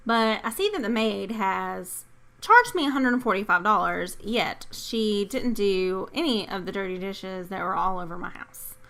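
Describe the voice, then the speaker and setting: A woman's voice: medium pitch, sharp tone. A tired woman hosting casual gameplay commentary, rambling and apologetic, poking fun at herself. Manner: rambling, apologetic, self-deprecating. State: tired, yawning. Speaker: gaming channel host.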